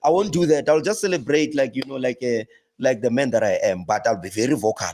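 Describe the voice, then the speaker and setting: Animated South African football pundit man. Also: fast talker, a little hiss or hum. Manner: animated, pitch jumps high when laughing or exclaiming, frequent restarts. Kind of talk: casual chat.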